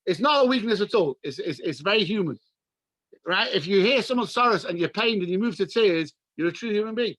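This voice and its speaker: An English man, a rabbi, teaching a class over a video call and telling stories in an animated way, with Hebrew and Yiddish words mixed in. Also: high voice, fairly quick, no echo, low-quality recording. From England. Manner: animated storyteller, mixes in Hebrew and Yiddish terms. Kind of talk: Torah class with storytelling.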